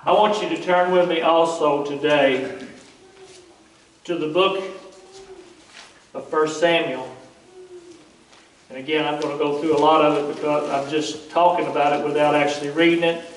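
A man's voice: fairly high pitch, fairly even intonation, normal speed, pauses often, slight background noise. A man preaching a sermon, retelling scripture in a folksy, conversational way with asides to the congregation. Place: church sanctuary. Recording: echoey church sanctuary, mic at a distance.

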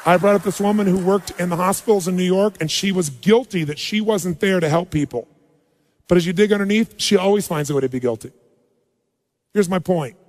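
A man with a notably high-pitched voice leads a live motivational seminar, pressing the crowd with direct questions and calls to raise their hands. His voice carries a long reverberant tail from the large hall he speaks in. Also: fairly quick, darkish tone. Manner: rousing, quizzes the audience directly. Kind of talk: live stage seminar talk.

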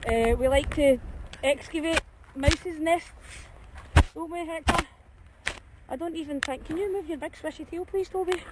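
A woman's voice: high-pitched, noisy background. A woman, chatting to the camera on a cold, rainy dog walk, run down and self-mocking, laughing often. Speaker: dog walker vlogger. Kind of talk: casual outdoor vlog chat. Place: open field outdoors in cold rain.

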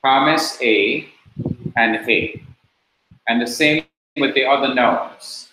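A man teaching a class, explaining slowly and patiently and repeating key points. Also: medium pitch, bright, forceful tone, a little hiss or hum. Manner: slow, patient explaining with repetition. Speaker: preaching school teacher. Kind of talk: classroom lecture. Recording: very echoey classroom.

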